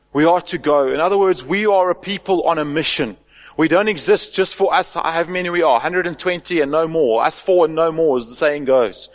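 A man preaching a sermon as the pastor, asking rhetorical questions and stressing key words. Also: fairly high pitch. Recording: long hall reverb.

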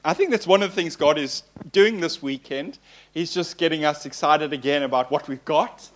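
A man preaching as a pastor in a relaxed, conversational way, with a voice that sits a little high. He tells personal stories with self-deprecating humor and fills his pauses with plenty of ums and uhs. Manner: chatty and self-deprecating, with frequent fillers.

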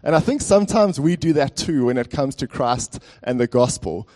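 A man's voice: medium pitch, animated, normal speed, a little mellow. A man preaching a sermon as pastor in a church, conversational and speaking directly to the congregation with frequent fillers.

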